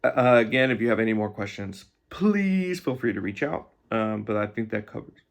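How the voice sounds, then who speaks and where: A man teaching an instrument lesson, explaining notes, bowing and music terms in a relaxed, explanatory way with some fillers. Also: on the low side, moderate pace, creaky.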